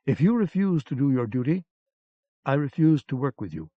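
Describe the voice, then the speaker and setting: Reading an audiobook, a man voices a female resistance agent who is cold, veiled, icy and curt. His medium-pitched voice swings widely in pitch at a normal pace, with no echo, though the lo-fi cassette recording sounds dull.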